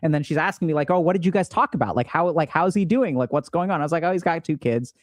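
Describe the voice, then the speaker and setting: The voice is a little high, animated and fast, belonging to a man in his thirties who explains emotional skills to camera with casual, upbeat energy. He acts out quoted dialogue from remembered exchanges, and the audio is clean studio sound without echo.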